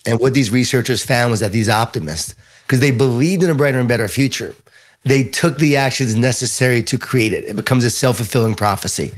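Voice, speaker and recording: A middle-aged man with a Long Island New York accent, a guest author giving lively storytelling answers in an interview. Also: medium pitch, fairly quick.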